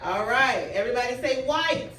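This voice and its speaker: A young woman student teacher leading a class in a phonics drill, with clear, drawn-out prompts and quick praise, recorded in a classroom by a camera at a distance. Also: on the high side, expressive, fairly bright tone. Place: classroom full of children. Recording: echoey, distant classroom recording with background noise.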